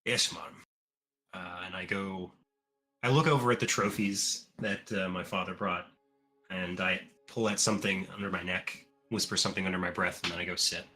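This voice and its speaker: A man playing his character in a tabletop game, describing actions in a slow, drawling manner. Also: deep voice, fairly even intonation, bright, forceful tone, faint music behind. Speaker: player.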